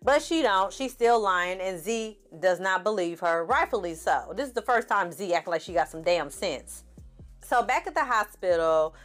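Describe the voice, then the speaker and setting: A woman's voice: medium pitch, expressive, moderate pace, fairly bright tone, faint music behind. Sassy chatty woman recapping a show. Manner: sassy, chatty, acts out characters' lines. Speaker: TV series reviewer. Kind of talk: casual recap commentary.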